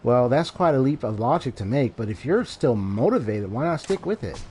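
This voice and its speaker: A man voicing a calm, blunt male hero in a video game, matter-of-fact in tone. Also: mid-range voice, moderate pace, slight background noise, lightly acted.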